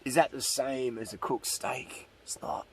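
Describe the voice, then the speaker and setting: A middle-aged man from Australia, hosting his own channel, telling a rambling, animated story with voiced quotes and laughs. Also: mid-range voice, a little slow, breathy edge, poor audio. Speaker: channel host answering questions. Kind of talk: casual monologue.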